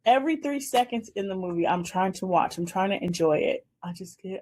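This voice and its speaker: A woman's voice: medium pitch, expressive, fairly quick, few pauses, a little mellow. A woman in her twenties hosting a casual chat show, animatedly telling a dating story and acting out the scenes. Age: 20s. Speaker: host.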